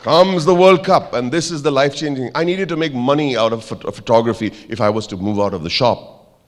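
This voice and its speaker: A man's voice: medium pitch, brisk, in a large hall. A man with an Indian English accent giving a motivational keynote speech, telling a story and acting out its characters. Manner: animated storyteller, acts out characters, jokes with the audience. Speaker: keynote speaker.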